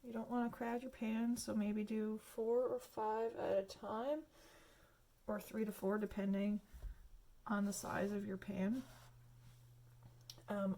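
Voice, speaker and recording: A woman's voice: on the high side, creaky, warm tone. A woman filming a casual home cooking video in her kitchen on a phone, chatty and rambling, with lots of fillers. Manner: chatty, rambling, laughs often, many fillers. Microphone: phone camera.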